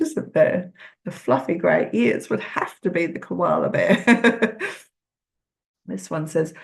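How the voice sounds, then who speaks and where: An older woman reading a children's picture book aloud, gently asking the listener questions. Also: fairly low pitch, gravelly.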